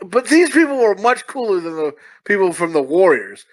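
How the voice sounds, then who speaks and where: A man co-hosting a podcast, whose high-pitched voice rambles through a casual movie review. His talk is full of swearing and quick bursts of laughter. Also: big pitch swings, poor audio. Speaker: podcast co-host.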